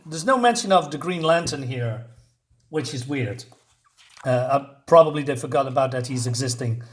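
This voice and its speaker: A man casually reviewing a comic book, incredulous and sarcastic, with lots of fillers. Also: a little high.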